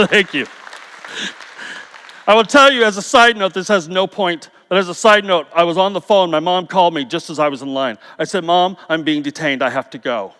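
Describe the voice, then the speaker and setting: A middle-aged man giving a conference talk, telling stories with jokes in an animated, playful way. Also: sits high, normal speed, smooth, a faint crowd. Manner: storytelling, jokey, animated. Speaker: conference speaker. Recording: reverberant hall.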